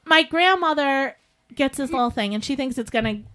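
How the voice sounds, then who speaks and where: A woman co-hosting a podcast, telling a story in casual chat, animated and often laughing, with lots of "like". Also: high voice, a little fast. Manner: frequent filler "like". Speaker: podcast co-host.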